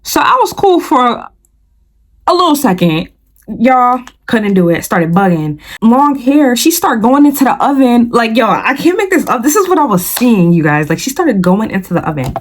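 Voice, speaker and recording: A woman's voice: a little high, moderate pace. A young woman vlogger telling a story in casual, slangy speech, talking straight to her viewers. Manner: animated and slangy, addresses viewers as "you guys" and "y'all".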